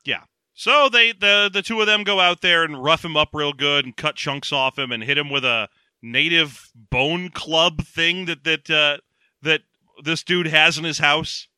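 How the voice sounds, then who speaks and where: A man's voice: on the high side, pushed and bright, smooth, no room sound. A man co-hosting a casual movie-review chat, recapping scenes with sarcastic asides. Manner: sarcastic, quick recaps with mocking quoted voices. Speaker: podcast co-host.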